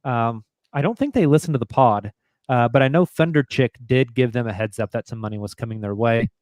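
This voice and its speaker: A man's voice: mid-range voice, brisk, darkish tone, no echo. A man hosting a sports podcast, chatting casually, joking and reading sponsor spots. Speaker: podcast host. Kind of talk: casual chat.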